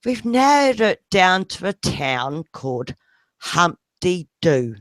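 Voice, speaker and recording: A man's voice: sits high, sing-song, slow pace, fairly bright tone, no echo, studio quality. A man rambling a story in a casual group voice chat, swearing freely and apologizing. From New Zealand.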